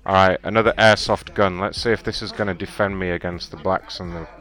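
A man hosting a prank call show, talking in deadpan, provocative banter. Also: sits low, fairly quick. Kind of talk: casual live-show chat and prank calls. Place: home room.

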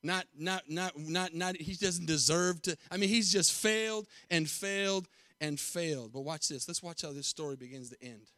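A male pastor preaching a sermon with emphatic repetition, calling out to the congregation and swinging from hushed tones to loud declarations. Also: on the high side, normal speed, no echo, studio quality.

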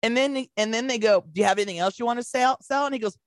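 A woman co-hosts a podcast, telling animated stories in casual chat, acting out quotes and swearing freely. Her voice is a little high and rapid-fire, recorded dry with clean studio sound.

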